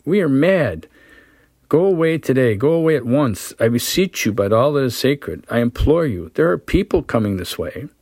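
A man's voice: lowish voice, a little slow, no room sound, clean studio sound. A man reading a story aloud, voicing a frightened young woman in love who pleads with her lover breathlessly. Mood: panicked pleading. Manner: breathless, imploring, rising to cries.

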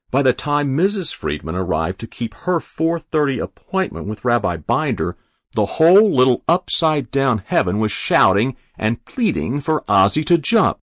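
Slow, expressive low-voiced male narrator. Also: no echo, clean studio sound. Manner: measured, expressive storytelling. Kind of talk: literary fiction reading.

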